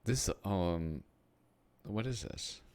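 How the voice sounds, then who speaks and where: Brief: a rambling casual male host, low voice, animated intonation. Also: drawn-out words, smooth. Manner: rambling, frequent ums, thinking aloud. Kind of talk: casual chat while flipping through a magazine.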